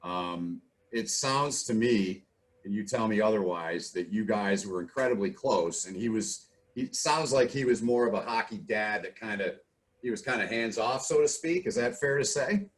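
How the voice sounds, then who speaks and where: A man's voice: lowish voice, normal speed. A man hosting a podcast interview, asking casual, leading questions. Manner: conversational, asks leading questions. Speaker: podcast host.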